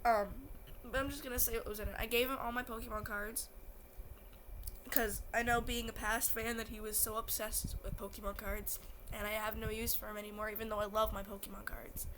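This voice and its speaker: Tearful, high-voiced young woman vlogger. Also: little pitch movement, brisk, fairly bright tone, a little hiss or hum. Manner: gushing, tearful retelling, acts out quotes in high voices. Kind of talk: emotional fan vlog storytelling.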